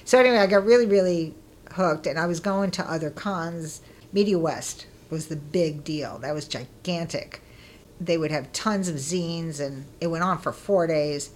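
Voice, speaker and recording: A middle-aged woman being interviewed, telling stories in a casual, lively way and acting out what people said with bursts of laughter. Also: deep voice, moderate pace, a little hiss or hum. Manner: lively, acts out quoted voices with laughter. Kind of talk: casual storytelling.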